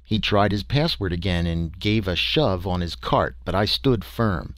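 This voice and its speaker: Low-voiced man narrating a story. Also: expressive, a little slow, dry recording. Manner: folksy, conversational with small hesitations. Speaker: audiobook narrator. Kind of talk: first-person audiobook narration.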